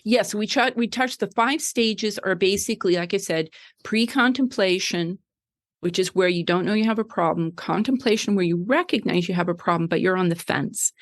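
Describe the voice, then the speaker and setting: A woman's voice: mid-range voice, moderate pace. A middle-aged woman guest, a wellness coach, explaining ideas in a conversational way, full of fillers and "right?" tags.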